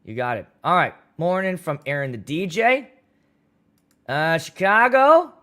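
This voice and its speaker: This DJ's voice sits fairly high, sharp in tone and expressive, delivered at a measured pace. Hosting a laid-back livestream, he reads out comments from viewers and tells loose, crude jokes into a studio mic in a joking, meandering way.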